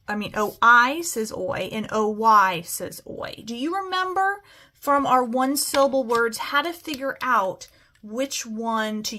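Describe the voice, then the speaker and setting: A woman's voice: on the high side, a bit bright. A woman teacher giving a patient, step-by-step spelling lesson, often checking in with "okay?".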